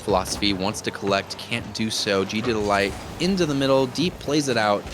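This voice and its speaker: A man casting a live esports match as play-by-play commentator, jokey and excitable with loud bursts of enthusiasm. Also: on the low side, fairly quick. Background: music.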